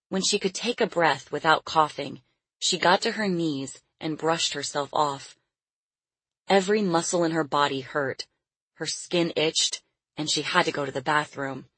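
A woman narrating an audiobook in a steady, measured storytelling manner. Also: sits low, slightly rough, dry recording, low-quality recording.

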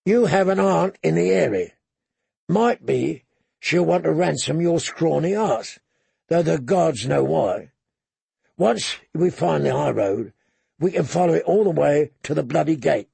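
Man doing a gruff growling soldier, gravelly, husky, menacing. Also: on the high side, expressive, a little slow, dark tone, dry recording, heavily acted. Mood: scornful. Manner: growling, coarse.

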